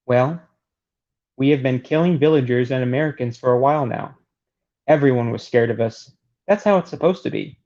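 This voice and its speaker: A man with a mellow, natural mid-range voice reads at normal speed, voicing a frightened male fighter who flees in panic. His delivery is close to plain, and the mood is distraught. The recording is dull and lo-fi.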